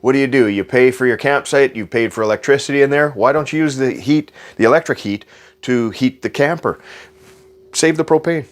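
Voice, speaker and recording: A man's voice: medium pitch, brisk. A man giving an enthusiastic, joking sales walkthrough inside a travel trailer, repeating his selling points.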